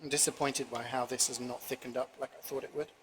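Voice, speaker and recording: A man's voice: medium pitch, flat delivery, fast talker, slight background noise. A man in his twenties, a cooking streamer, rambling through casual stories with lots of fillers and the odd swear in a home kitchen. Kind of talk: casual chat while cooking.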